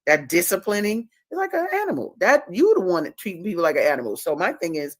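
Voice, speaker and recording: Low-voiced emphatic woman host. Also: very animated, fast talker, no room sound. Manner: emphatic, preachy, repeats words for stress. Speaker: host and author. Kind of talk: casual livestream talk.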